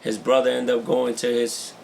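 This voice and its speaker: Gravelly, earnest man, casual talk. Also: mid-range voice, completely flat delivery, moderate pace, a little mellow, slight background noise. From New York. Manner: earnest, peppers talk with "man" and "you know". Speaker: podcast co-host. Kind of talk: casual chat.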